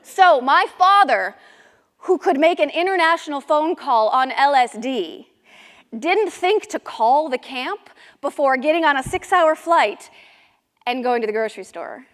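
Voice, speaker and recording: A middle-aged woman performing a comic memoir monologue on stage, with indignant, lively storytelling. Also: high voice, unhurried. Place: live theater stage. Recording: reverberant hall.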